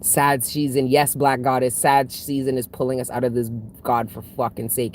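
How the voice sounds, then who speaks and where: A woman's voice: rumbling low, steady tone, moderate pace, few pauses, a little mellow, a little hiss or hum. Frank, profane woman chatting on a livestream. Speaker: spiritual reader and livestream host. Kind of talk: casual livestream chat reading viewer comments.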